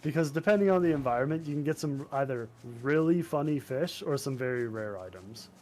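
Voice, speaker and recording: A man's voice: mid-range voice, lively intonation, brisk, a little mellow. A man chatting on a gaming stream, explaining things and laughing often. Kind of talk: casual gaming stream chat.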